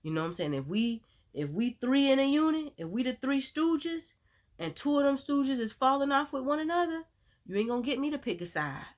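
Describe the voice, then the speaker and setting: A woman sharing a personal faith testimony as a vlogger, in a chatty, animated storytelling way with lots of "you know.". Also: high-pitched, a little fast. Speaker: Christian vlogger.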